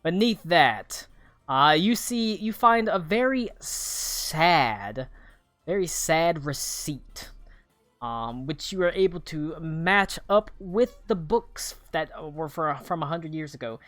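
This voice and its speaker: A man narrating a tabletop game as game master, halting with many fillers. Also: fairly high pitch, lively intonation, fairly bright tone, faint music behind.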